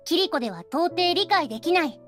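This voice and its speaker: Playful, fibbing young woman in a game scene: very high, fast and bouncy, with roomy sound and music underneath. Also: big pitch swings. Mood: determined. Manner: lightly teasing, speaks of herself in third person. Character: playful young woman, a cheerful habitual liar. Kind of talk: game voice acting.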